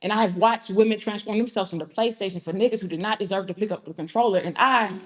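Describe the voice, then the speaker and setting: Speaking fast in a mid-range voice, a young woman from Georgia with a Southern drawl delivers comic spoken-word poetry. She frames it as conversational storytelling and chats with the audience between lines.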